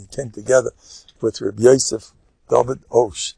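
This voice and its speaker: An older man, a rabbi giving an animated lecture, emphatic with sudden loud bursts and a chatty, storytelling way. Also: mid-range voice, normal speed, vocal fry, slightly rough, no room sound.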